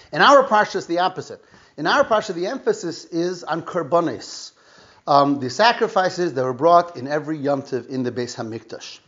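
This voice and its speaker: A man giving a weekly Torah lesson, explaining patiently with frequent fillers and restatements. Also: on the high side. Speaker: Torah teacher. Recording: dull lo-fi recording.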